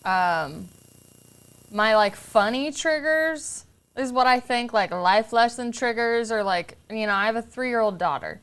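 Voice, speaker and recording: Chatty woman telling lively stories. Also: on the high side, unhurried, clear, resonant tone. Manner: chatty storyteller, acts out quotes, lots of "like". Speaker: podcast guest. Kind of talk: casual conversational interview.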